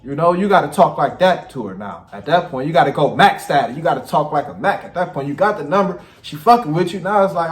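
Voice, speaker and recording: A man, hosting a reaction video and giving blunt, profane, animated commentary. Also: fairly high pitch, fast talker, few pauses. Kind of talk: casual commentary. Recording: echoey room with faint music.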